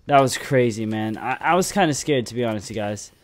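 Excitable young man commentating gameplay. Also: mid-range voice, fairly quick. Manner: excitable, swears freely, repeats "man". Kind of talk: casual gaming commentary.

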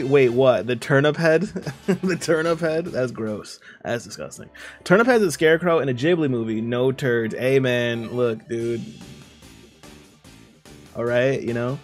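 A male game streamer in a loose, chatty mood, riffing on viewer messages with a playful and rambling delivery. His voice sits at a middle pitch, and faint music plays underneath. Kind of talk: casual live-stream chat, reading out viewer messages.

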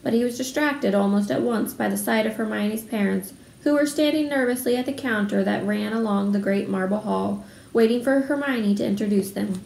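A woman reading a children's novel aloud in a steady storytelling manner. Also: medium pitch, moderate pace, gravelly. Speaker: readalong reader. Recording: roomy room, faint background noise.

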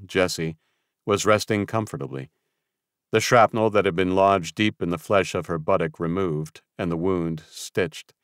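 A man's voice: sits low, dry recording, studio quality. A man reading an audiobook aloud as narrator, giving the characters their own voices. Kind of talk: scripted narration.

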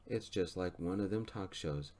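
A nosy elderly grandmother chats with amusement, voiced by a man reading a story. The voice stays low and plain, close to the narrator's own. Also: normal speed, warm tone, lightly acted. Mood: amused.

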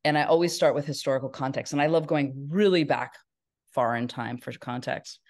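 A woman's voice: very deep voice, a little fast, darkish tone. A middle-aged woman from Northern California, a filmmaker guest in an interview, telling her story in a rambling way with many restarts.

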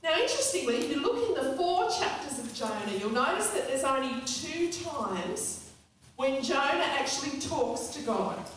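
A woman's voice: sits high, very animated, moderate pace. A woman preacher giving a sermon, earnest and questioning the congregation. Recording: echoey hall, distant mic, faint noise.

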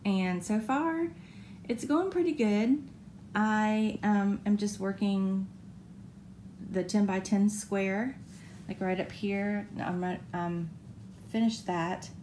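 Slow-talking woman, rambling craft chat. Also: medium pitch, dark tone, a little hiss or hum. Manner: rambling, with fillers and self-corrections. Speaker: cross-stitch vlogger. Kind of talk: casual show-and-tell chat. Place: condo balcony by the beach.

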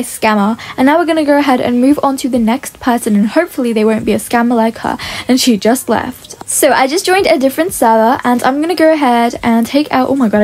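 Woman, gaming-channel host, higher register; chatty play-by-play that reads out chat messages. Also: darkish tone. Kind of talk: gameplay commentary.

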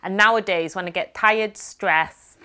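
A woman's voice: mid-range voice, a little slow, bright, forceful tone, clear, resonant tone. A woman from Sheffield with a Yorkshire accent, chatting enthusiastically to camera as a lifestyle blogger while a friend films her. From Sheffield, England. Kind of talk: casual chat to camera. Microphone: camera held by a friend.

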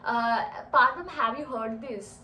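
A woman's voice: on the high side, measured pace, sharp tone, far from the mic. A young woman with an Indian accent, gushing enthusiastically in a casual reaction chat, with many fillers. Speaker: reaction video host. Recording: echoey room, off-mic, faint noise.

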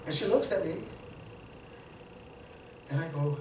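A man's voice: on the high side, big pitch swings, measured pace, long pauses, slight background noise. A man preaching an informal storytelling sermon in a church, talking conversationally and repeating words as he builds to emphatic peaks. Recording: roomy church sound from a distance.

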